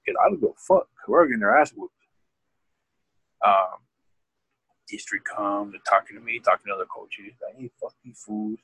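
A man telling a rambling, profane story about coaching high school football, speaking in a casual podcast chat. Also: wildly swooping pitch, moderate pace, creaky, long pauses, fairly bright tone, husky, no room sound, poor audio. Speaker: podcast guest.

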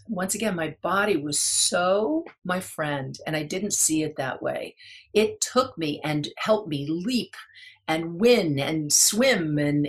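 A middle-aged woman, a guest in an interview, telling a personal story in an earnest, halting way with many restarts. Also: sits low, breathy edge.

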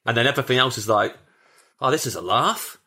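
Comedian guest, gravelly bright voice, animated rambling chat. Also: male voice, mid-range voice, quick pace. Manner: animated, rambling with restarts, acts out his own thoughts. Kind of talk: casual chat.

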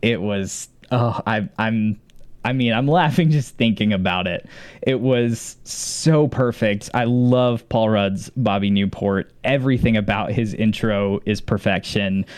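Smooth low-voiced male podcast co-host. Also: unhurried, a little mellow, dry recording. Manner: enthusiastic, laughs often, many fillers and restarts. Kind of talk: casual rewatch podcast chat.

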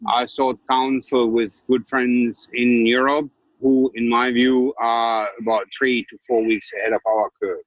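A man's voice: mid-range voice, flat delivery, measured pace, hardly any pauses, dry recording. Male investor, German background, blunt and upbeat; muffled, dry call audio. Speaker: investor and panelist. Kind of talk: casual panel chat.

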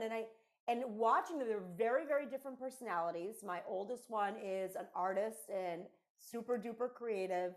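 A woman's voice: a little high, lively intonation, moderate pace. A middle-aged woman talking as a podcast guest and mentor, in an emphatic, conversational way that repeats key phrases.

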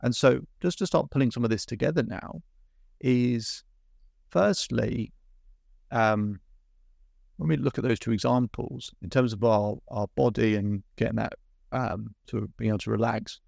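A man's voice: medium pitch, normal speed, creaky, darkish tone, no echo, studio quality. A man coaching a client, encouraging and asking probing questions. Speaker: confidence coach. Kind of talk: coaching session.

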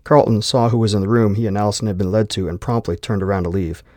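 A man reading a novel aloud with steady, measured storytelling. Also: lowish voice, dry recording, clean studio sound. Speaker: narrator. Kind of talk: scripted audiobook narration.

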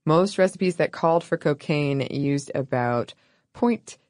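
A deadpan, jokey woman co-hosts a casual history chat and slips dry remarks into what she reads. Her voice sits on the low side. The recording is dry and close. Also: a little slow, dry recording. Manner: deadpan, jokey, laughs at own lines. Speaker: podcast co-host.

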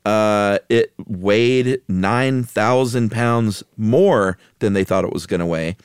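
Male podcast co-host, low smooth voice, dry close mic, relaxed fact-listing. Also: slow pace, no room sound. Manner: relaxed, laughs often, lists facts with uh fillers. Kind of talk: casual chat.

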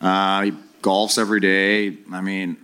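A lower-voiced man spins a locker-room yarn for a live crowd, middle-aged and lively, slipping into his teammates' voices as he goes. He talks casually, with plenty of fillers and laughter. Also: a little slow, clear, resonant tone. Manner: animated storyteller, acts out voices of teammates. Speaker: former hockey player guest. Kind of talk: live podcast storytelling.

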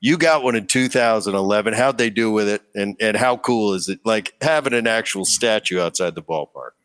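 A middle-aged man with a fairly low voice hosts a conversational interview. He talks in a friendly, chatty way, often stopping to restart his sentences. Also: a little fast, a bit bright. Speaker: podcast host, former baseball player.

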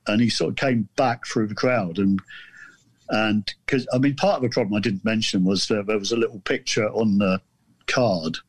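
A man from southern England, a guest author telling a story in casual chat, rambling and self-deprecating with halting restarts. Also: lowish voice, breathy edge, no room sound.

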